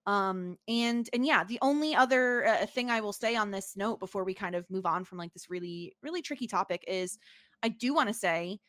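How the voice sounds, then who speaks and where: A woman co-hosting a podcast, talking in a casual, halting way with lots of fillers. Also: mid-range voice, a bit bright, no echo, studio quality. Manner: halting, filler-heavy, earnest. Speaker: podcast co-host. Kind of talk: casual chat.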